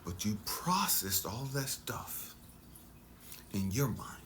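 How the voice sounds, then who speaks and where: Speaking slowly with a voice on the low side, a life coach delivers an intense motivational talk. His pitch swings widely as he drops to near-whispers and then builds up for emphasis.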